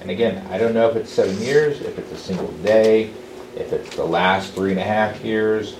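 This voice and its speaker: A man leading a small group Bible study, reading scripture aloud and pausing with halting, restarting comments. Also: fairly low pitch. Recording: echoey room, distant mic, background noise.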